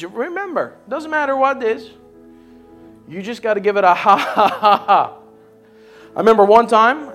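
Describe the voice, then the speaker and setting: A man's voice: sits high, fairly bright tone. A man preaching as a pastor at a church service, urging the congregation on. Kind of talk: sermon and altar call.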